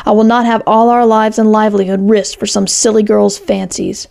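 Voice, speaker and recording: Woman voicing a fearful middle-aged foster father, defensive and snappish, gravelly low tone, mellow dark timbre. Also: flat delivery, moderate pace, lightly acted. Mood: fierce. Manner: defensive, snaps in anger.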